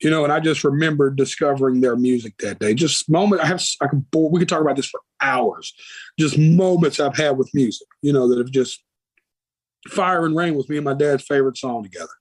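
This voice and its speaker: A man's voice: on the high side, fairly quick, slightly rough, no echo, rough recording. A man with a Southern US accent, telling rambling, folksy stories as a guest musician in a casual interview.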